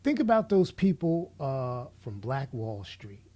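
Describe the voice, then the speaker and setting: Addressing his target head-on, this middle-aged commentator preaches his opinion bluntly. He talks a little slowly in a mellow, medium-pitched voice that swings widely up and down.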